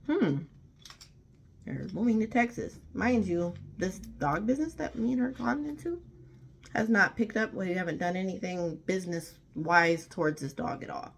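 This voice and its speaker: A woman's voice: medium pitch, very animated, moderate pace, vocal fry, slight background noise. A woman vlogger telling a storytime rant to camera, emphatic and indignant, often repeating herself.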